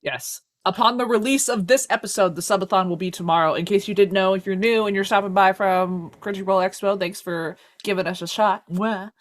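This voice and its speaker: A young adult co-hosting a podcast in a casual, animated way, slangy and swearing freely. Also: medium pitch, fairly quick, few pauses. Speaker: podcast co-host and streamer.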